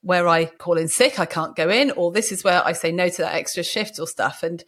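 A woman's voice: fairly low pitch, fairly quick, fairly bright tone. A middle-aged woman, a doctor co-hosting a podcast, chatting in a casual, self-deprecating way and laughing often. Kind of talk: casual conversation.

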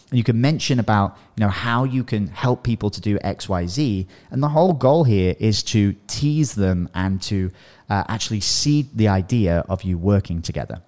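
A slightly low-voiced man coaches his listeners in a loose, chatty podcast style. He talks with animation, drops in "you know" and "right?" often, and slips into sample dialogues as he teaches. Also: moderate pace, a little mellow. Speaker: podcast host and business coach. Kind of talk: casual coaching talk.

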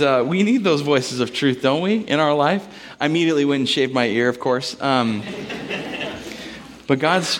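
A man's voice: mid-range voice, background noise. A man, a pastor, preaching a sermon in a casual, conversational way, mixing scripture with personal stories.

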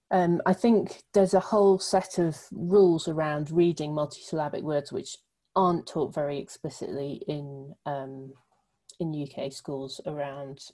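A woman's voice: low voice, dark tone, rough recording. A woman from the UK answering interview questions, explaining thoughtfully with many ums. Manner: thoughtful, filler-heavy explaining. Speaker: literacy researcher guest.

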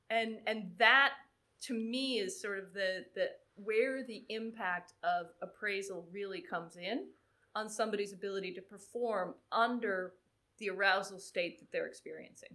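A woman sports psychologist guest, talking in a conversational interview and telling an anecdote with acted-out dialogue. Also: mid-range voice. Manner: animated storyteller, acts out quoted dialogue.

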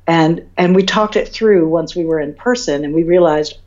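Woman talking openly about a relationship moment, lowish voice, kinda dull lo-fi sound. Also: normal speed, a little mellow. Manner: open, reflective, frequent restarts. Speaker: podcast guest. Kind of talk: candid personal storytelling.

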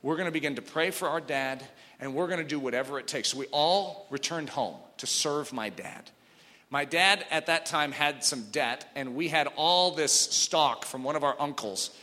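A man preaching a sermon through a personal story, swinging between hushed, tearful passages and loud outbursts. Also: fairly high pitch, expressive, normal speed. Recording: long hall reverb.

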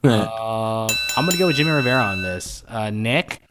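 A man's voice: on the low side, lively intonation, moderate pace, very noisy. A man hosting a casual podcast chat, joking and mocking himself as he leads the talk. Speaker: podcast host.

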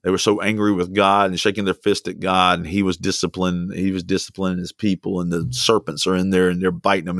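A man preaching a sermon with fervent repetition and sudden swings of pitch. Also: flat delivery, a little fast, gravelly, hardly any pauses, a bit bright, no room sound, studio quality. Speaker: pastor.

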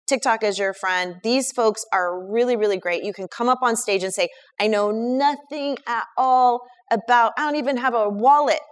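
A woman, talking casually in an online audio chat and eagerly recommending people and resources. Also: mid-range voice. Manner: enthusiastic, emphatic, recommends people one by one. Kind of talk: casual chat giving advice.

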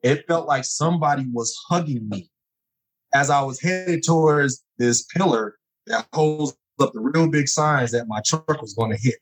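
A middle-aged man telling personal stories in conversation, acting out scenes with sudden high exclamations. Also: normal speed, rough recording. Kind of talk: animated storytelling in conversation.

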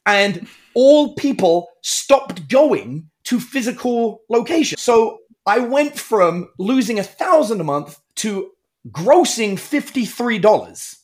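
A middle-aged man talks as a guest on an interview show. His voice sits a little high. He tells stories with energy and slips into the voices of the people he quotes. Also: takes it slowly. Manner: animated storyteller, acts out quotes. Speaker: podcast guest, entrepreneur. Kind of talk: casual interview storytelling.

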